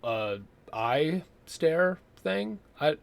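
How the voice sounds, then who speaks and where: A man's voice: fairly high pitch, lively intonation, very slow, creaky, very noisy. Sardonic rambling male film reviewer. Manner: rambling and sardonic, with frequent fillers.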